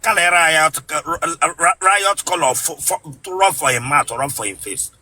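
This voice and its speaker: A Nigerian man, Igbo by first language, hosts a comic live stream. His voice sits a bit high and rings bright. He is blunt and teasing, and he bursts into shouting. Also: expressive, normal speed, slight background noise. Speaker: comedian host of a live stream.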